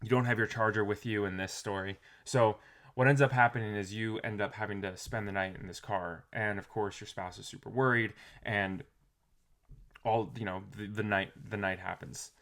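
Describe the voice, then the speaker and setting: A man talking casually to camera in a motivational vlog, reflective and rambling, with restarts and soft trailing phrases. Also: on the low side, fairly even intonation, moderate pace. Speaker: motivational vlogger.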